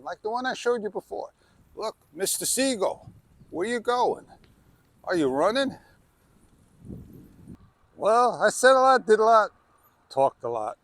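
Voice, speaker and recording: A man with a high, lively voice rambles through a casual outdoor vlog, taking his time and often tossing in an exclamatory "man". The sound is close and dry, caught on a wireless clip-on mic. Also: no echo. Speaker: vlogger.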